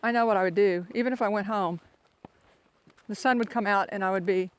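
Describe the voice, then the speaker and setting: A man's voice: high-pitched, fairly even intonation, fairly quick, clean tone. Chatty older man hiking a trail. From Florida. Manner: chatty, self-mocking, rambling. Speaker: hiker vlogger. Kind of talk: casual vlog while hiking. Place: outdoors on a foggy mountain trail. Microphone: handheld phone camera.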